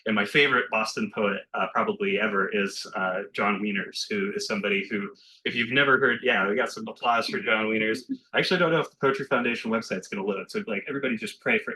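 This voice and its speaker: A man giving a poetry reading in a bookshop, chatting loosely between poems and reading them slowly and carefully. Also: on the low side, pushed and bright, rough recording. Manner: chatty and self-deprecating between poems, slow and measured when reading. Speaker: poet reading his work. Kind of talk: poetry reading with casual asides. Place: bookshop reading room with a live audience.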